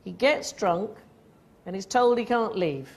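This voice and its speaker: Reading out clues at a measured pace, a quiz show host speaks in an expressive, mid-range voice. Her humour is dry and wry, and the TV studio is noisy with an audience laughing.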